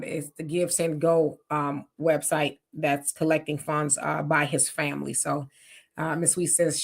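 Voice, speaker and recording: A woman's voice: low-pitched, gravelly. A middle-aged woman hosting a live stream, chatty, laughing often and greeting viewers. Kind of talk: casual live chat reading comments.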